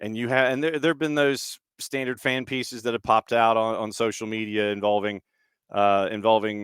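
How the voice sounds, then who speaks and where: A man hosts a soccer talk show in a casual, opinionated way. He keeps throwing out rhetorical questions. His voice is smooth and resonant, with a dry, close sound and no room echo. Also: fairly low pitch, fairly even intonation, normal speed, fairly bright tone. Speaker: soccer podcast host. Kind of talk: casual solo commentary.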